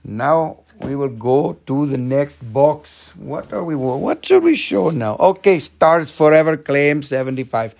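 A man's voice: a little high, very animated, unhurried, gravelly, few pauses, darkish tone. A man hosting a live rock sales stream, joking and rambling in playful sales patter.

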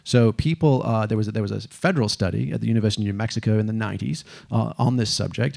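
A man giving a lively stage talk, animated and casual, cursing now and then and acting out the people he quotes. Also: fairly low pitch, quick pace, creaky, hardly any pauses. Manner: animated, swearing, acts out quotes. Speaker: speaker.

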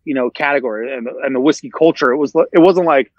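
A podcast guest, male, talks quickly at a medium pitch with barely a pause, spinning a long, casual story packed with fillers and restarts. His delivery rambles, and the recording sounds dull and dry.

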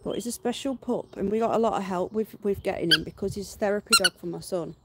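A woman's voice: mid-range voice, fast, slight background noise. A middle-aged British woman chatting casually on a live stream from her back garden, laughing and swearing freely. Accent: British English.

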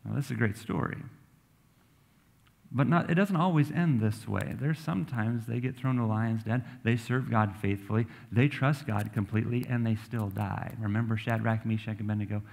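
A man's voice: on the low side, normal speed, creaky, a little mellow. Conversational preaching man. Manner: conversational preaching, reading scripture aloud with asides. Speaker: pastor. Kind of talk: sermon. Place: church sanctuary.

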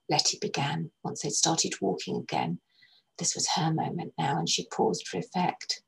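A woman reads a literary short story aloud, gentle and measured. Her voice sits low and carries a soft husky grain. The narration flows calmly between the characters' lines. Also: rough recording. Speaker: narrator, actress reading a story.

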